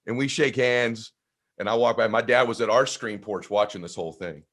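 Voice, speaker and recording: A man telling a personal story in an energetic, conversational way as a podcast guest. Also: mid-range voice, normal speed. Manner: energetic, conversational, acts out voices. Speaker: guest speaker.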